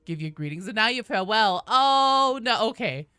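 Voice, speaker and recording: A woman's voice: medium pitch, lively intonation, fairly quick, pushed and bright, no echo, studio quality, soft background music. A woman streaming a game and chatting loosely with her viewers, swearing often. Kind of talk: casual live-stream chat.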